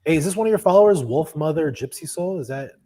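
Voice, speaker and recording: A man's voice: a little high, lively intonation, fast talker, warm tone. A man hosting a live comedy podcast, chatting casually, laughing often and greeting viewers by name. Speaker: podcast host.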